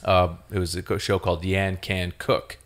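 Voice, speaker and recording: A man's voice: sits low, little pitch movement, moderate pace, fairly bright tone. A man telling rambling, playful stories in casual chat as a podcast co-host.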